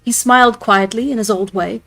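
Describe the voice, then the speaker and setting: A woman's voice: fairly high pitch, steady tone, normal speed, creaky. Woman reading a classic novel aloud. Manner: laughs at her own voice choices in asides. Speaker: storyteller streamer. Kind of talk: live read-aloud of a novel. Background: soft background music.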